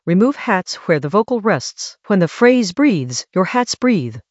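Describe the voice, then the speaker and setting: Lively, instructive music production tutor. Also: medium pitch, unhurried, no echo, lo-fi sound. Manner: instructive, step-by-step, emphatic. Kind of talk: scripted tutorial narration.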